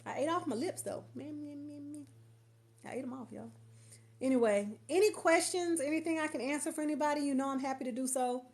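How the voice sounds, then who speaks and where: A woman coach talks casually to her livestream viewers from a couch at home, her voice pitched a little high. She rambles warmly, doubles back and repeats herself. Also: fast. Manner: chatty, affectionate, rambling with repeats. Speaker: coach and marketer.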